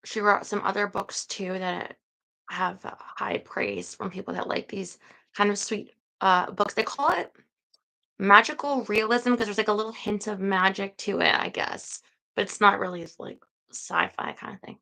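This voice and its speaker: A woman's voice: medium pitch, moderate pace, creaky, bright, forceful tone, poor audio. A woman hosting a book-reading livestream, chatting casually to viewers in a rambling, hesitant way with many fillers.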